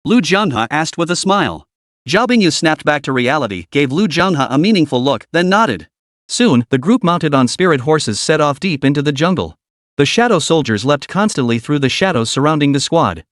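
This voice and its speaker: A man narrating a game fantasy story in an even scripted storytelling manner, voicing the quotes only lightly. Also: fairly high pitch, normal speed, dry recording, clean studio sound.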